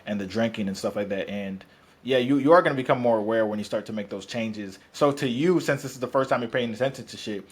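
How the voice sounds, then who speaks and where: Fast-talking blunt male fitness coach. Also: lowish voice, slightly rough. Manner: blunt, profane, rapid and rambling. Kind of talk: casual podcast chat.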